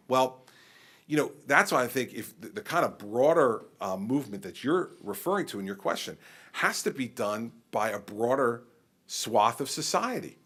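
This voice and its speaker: A middle-aged man who is a governor, answering a question at a public forum in an animated, conversational way. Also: medium pitch, moderate pace, breathy edge. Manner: animated, conversational, acts out exchanges with people.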